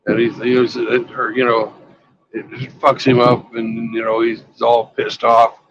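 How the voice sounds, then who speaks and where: A vlogger on a road trip chats casually and rambles through a crude joke in a flat, unhurried mid-range voice. The sound is lo-fi, with a faint hiss underneath, and his delivery is loose and unpolished.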